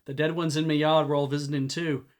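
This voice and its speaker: A man's voice: on the high side, level tone, quick pace, close to an everyday voice. A man voicing a grim, wary male trapper who drawls his words while reading a game aloud.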